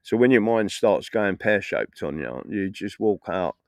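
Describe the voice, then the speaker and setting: A man's voice: fairly low pitch, animated, unhurried, vocal fry, dry recording, clean studio sound. A middle-aged man live streaming, telling rambling anecdotes in casual chat and laughing often.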